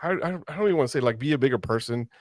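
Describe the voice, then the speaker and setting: A male podcast host from Mexico speaks in a middle-pitched voice, recorded close and dry with no room sound. He talks with passion and rambles, restarting sentences often as he works his way to a point. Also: expressive, racing, a little mellow, no echo. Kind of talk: casual interview chat.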